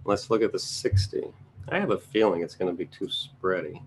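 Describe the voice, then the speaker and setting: A man's voice: low-pitched, fairly quick, a little hiss or hum. A man giving casual live market commentary, thinking aloud as he scans charts and making chatty asides to his viewers. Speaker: trading educator reviewing charts.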